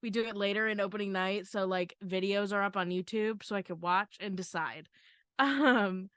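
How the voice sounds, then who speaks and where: A woman's voice: mid-range voice, moderate pace, a bit bright, smooth, no echo, clean studio sound. A woman co-hosting a podcast, chatty and nervous in tone, with lots of "um" and "like". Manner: chatty, nervous, giggly, with many fillers. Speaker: podcast co-host. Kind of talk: casual podcast chat.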